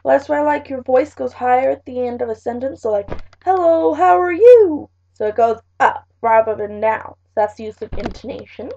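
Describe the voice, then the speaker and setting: A high-pitched teenage girl vlogs her revision tips in a casual, rambling way, leaning on fillers. Her comes through plainly. The sound is dull and lo-fi, as from a home webcam mic. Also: flat delivery, fairly quick, vocal fry, few pauses, darkish tone. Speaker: vlogger.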